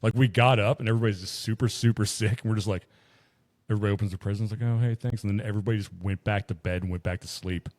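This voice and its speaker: A man's voice: lowish voice, steady tone, very fast, a little mellow. A man co-hosting a podcast, telling long, profane stories in casual chat. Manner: profane, rambling storyteller. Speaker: podcast co-host.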